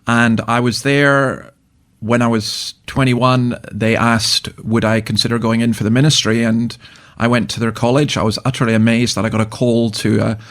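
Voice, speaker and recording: This older Scottish minister, a guest in a casual interview, tells stories in a mid-range, fairly bright voice at a normal pace and level tone. He's a chatty storyteller who chuckles and keeps restarting his sentences.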